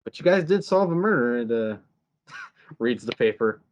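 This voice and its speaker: A man's voice: medium pitch, moderate pace, slight background noise. A man hosting a casual podcast, recapping a TV episode and acting out characters' lines with frequent laughter. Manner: animated, acts out characters' lines and laughs often. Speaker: podcast host. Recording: dull lo-fi sound.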